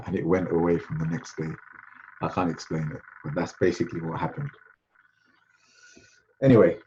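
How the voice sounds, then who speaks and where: A man's voice: low-pitched, level tone, normal speed, mellow, dull audio, slight background noise. A man from Sylhet, Bangladesh, giving an informal religious lecture in a conversational, storytelling manner. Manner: conversational, storytelling, frequent restarts. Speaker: religious teacher.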